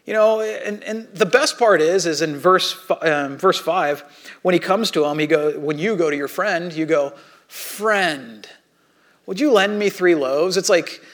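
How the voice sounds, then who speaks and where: On the high side and at a normal speed, the voice belongs to a pastor in his thirties. His sermon unfolds as lively, conversational storytelling in which he acts out what people said, with many restarts along the way.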